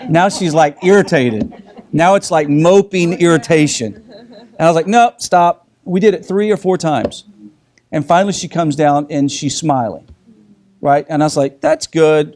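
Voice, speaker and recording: Man, middle-aged, mellow voice, casual group lesson, animated storytelling, restarts often. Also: a little high. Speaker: teacher.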